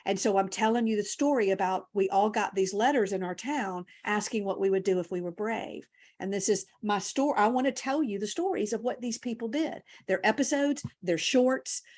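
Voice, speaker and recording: A woman's voice: mid-range voice, normal speed. A woman speaker, talking animatedly in a conversational interview and telling her own story. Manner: animated, storytelling, emotional at times. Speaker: keynote speaker, guest.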